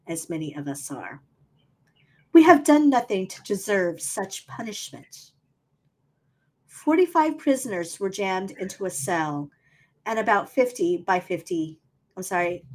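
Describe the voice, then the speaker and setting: A woman hosting a casual podcast, reading history notes in a chatty way and correcting herself as she goes. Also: medium pitch. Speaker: podcast host.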